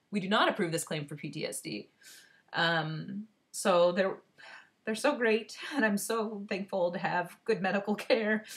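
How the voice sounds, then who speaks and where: A woman telling a personal update to camera in a candid, earnest way, with halting restarts and fillers. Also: on the low side. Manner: earnest and heartfelt. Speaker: vlogger giving a personal update. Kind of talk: emotional personal vlog.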